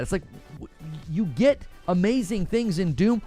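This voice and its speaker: This high-pitched man swings widely in pitch, keeps a moderate pace, and has a darkish tone, with soft music playing underneath. Hosting a gaming news livestream, he pushes his arguments with fiery, sermon-style passion and reads out comments from viewers.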